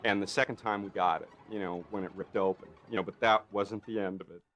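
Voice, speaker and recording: A man, a special effects artist, telling lively stories in an interview, acting out the quotes and tagging lines with "right?". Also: on the low side, fast talker, a little hiss or hum. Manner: lively storyteller who acts out quotes; frequent fillers and tag questions. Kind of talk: anecdotal interview.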